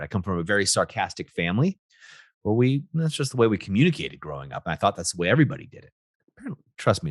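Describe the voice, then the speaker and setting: Brief: husky-voiced male coach, lively swooping delivery, punchy motivational monologue. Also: medium pitch, dry recording, clean studio sound. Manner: animated, emphatic, repeats "right?" and "guys". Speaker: podcast host, relationship coach.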